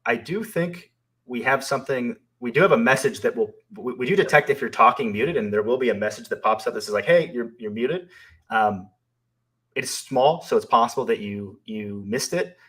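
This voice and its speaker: A man's voice: mid-range voice, brisk, fairly bright tone, slightly rough. A man co-hosting a live stream, reading viewer questions aloud and answering them in a thoughtful, hesitant way with many fillers. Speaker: co-host and company founder.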